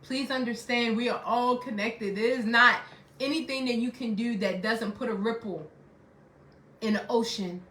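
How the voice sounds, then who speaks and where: A woman's voice: fairly high pitch, normal speed, a bit bright, echoey room. A middle-aged woman and life coach giving a motivational self-help talk, preachy and repeating phrases for emphasis.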